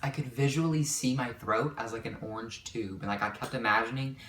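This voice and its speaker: A woman's voice: very deep voice, fairly quick, a bit bright. A young woman vlogger telling a rambling storytime, with constant "like" fillers. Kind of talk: storytime vlog. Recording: echoey room.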